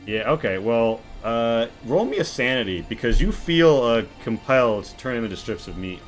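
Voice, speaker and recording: A man's voice: medium pitch, expressive, moderate pace, soft background music. A man narrating as game master, describing scenes in vivid, crude, rambling detail.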